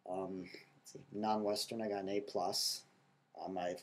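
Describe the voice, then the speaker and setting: A young man with a stuffy nose and a nasal voice, talking softly and rambling in a casual video diary. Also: fairly low pitch, flat delivery, moderate pace. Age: young adult. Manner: talks softly, rambling with fillers. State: stuffy-nosed from allergies. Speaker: college student vlogger.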